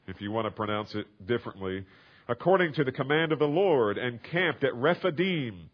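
A man's voice: medium pitch, expressive, brisk, muffled recording. A man preaching a sermon, explaining a scripture passage step by step and building to emphatic, raised passages. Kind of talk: sermon, expository Bible teaching.

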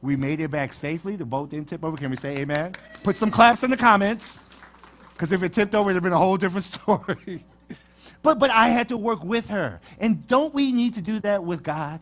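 A man preaching to his congregation with a high voice that swoops up and down. He tells stories in a playful, joking way. The sound is a church sermon. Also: brisk. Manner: animated storytelling with jokes to the congregation. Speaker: pastor. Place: church sanctuary.

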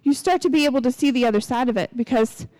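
A woman's voice: high voice, quick pace, mellow, no room sound. A woman in her forties giving a casual, candid sermon in church, chatty and confessional, acting out what people say. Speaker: lay preacher.

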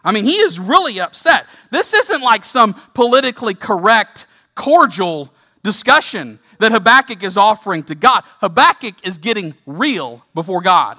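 High-voiced, bright-toned male preacher. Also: big pitch swings. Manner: impassioned, rising to emphatic rhetorical questions; reads scripture slowly and deliberately. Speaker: pastor. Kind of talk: sermon.

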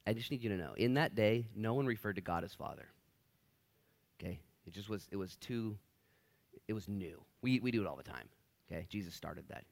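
A man preaching a casual, jokey sermon in a church. He swings from loud, excited bursts to hushed whispers. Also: lowish voice, fairly quick, vocal fry. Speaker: pastor. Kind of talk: expository sermon. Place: church sanctuary.

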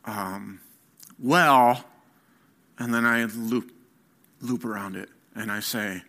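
A middle-aged man preaching a candid personal testimony, his voice bright and forward. He tells the story haltingly, full of fillers and restarts, earnest and unpolished. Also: on the low side, fairly even intonation. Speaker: guest speaker.

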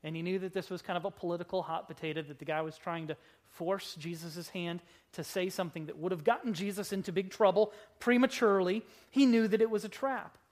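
Speaking on the low side, a woman preaches at a church service, moving back and forth between forceful, booming passages and soft ones. She stretches out important words by slowing down.

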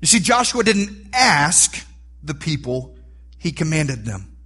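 A man preaching a sermon, animated and rising to near-shouts for emphasis. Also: fairly high pitch, takes it slowly. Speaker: pastor.

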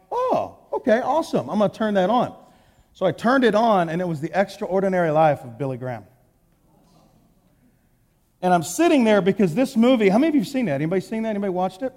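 A man with a Texan accent preaching a sermon, telling a personal story and acting out his own words, going from hushed to shouting. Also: high-pitched. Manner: animated, acts out quotes, swings from hushed to shouting. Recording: long hall reverb.

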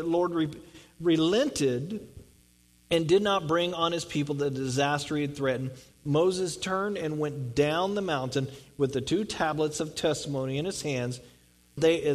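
In a roughly recorded sermon, a pastor with a fairly high-pitched voice talks through scripture readings in a conversational manner, repeating words again and again for emphasis.

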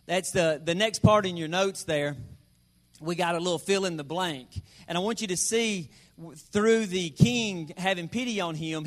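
High-voiced folksy preacher. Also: male voice, fairly bright tone. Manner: folksy and joking, slows down to stress numbers. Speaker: pastor. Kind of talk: sermon.

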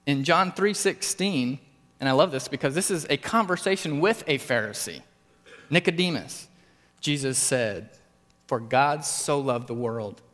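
A man preaching a sermon with earnest emphasis, his voice climbing for stressed points and dropping low for quiet ones. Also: big-room sound. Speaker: pastor.

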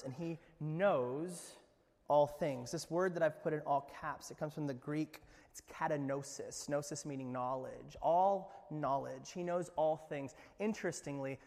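A man preaching with fervent conviction, his slightly high voice swelling to booming peaks and dropping to near-whispers. The long reverb of a church hall trails after every phrase. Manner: dramatic swings from booming to hushed; earnest, impassioned preaching. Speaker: pastor. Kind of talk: sermon.

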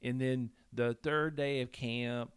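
A man hosting a podcast, telling a story in casual chat with halting restarts. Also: medium pitch, fairly even intonation, smooth. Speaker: podcast host.

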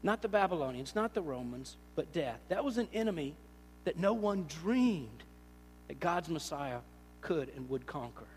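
A man preaching a sermon, animated and storytelling, acting out little scenes in different voices. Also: a little high, moderate pace, long reverb tail, soft background music. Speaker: pastor.

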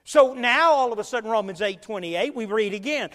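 High-pitched guy preaching, gets loud then drops way down, long hall echo. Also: animated, a little fast, few pauses. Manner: emphatic preaching with big swings in loudness and pace. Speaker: pastor. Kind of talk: sermon.

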